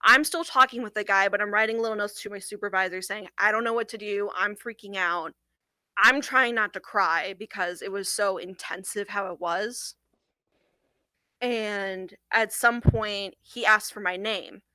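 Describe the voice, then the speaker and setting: A young woman who works on a hotline, earnestly recounting a difficult call in an interview, often pausing on "like.". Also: mid-range voice, bright, forceful tone, no room sound, low-quality recording. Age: young adult. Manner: earnest, halting, with frequent "like" fillers. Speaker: domestic violence hotline worker. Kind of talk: recounting a personal experience in an interview.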